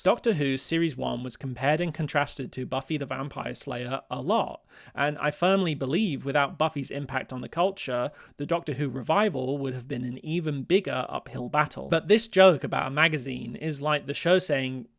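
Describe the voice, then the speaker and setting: A man hosting a scripted video essay, talking in a playful, expressive way and laughing at his own jokes. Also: medium pitch, normal speed, vocal fry, no room sound, clean studio sound.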